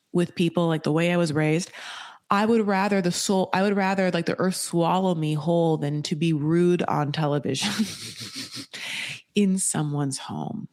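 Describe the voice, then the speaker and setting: A woman with a slightly low voice who is hosting a recap show. She gives blunt, profane, animated commentary in a casual chatty way. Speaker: podcast host.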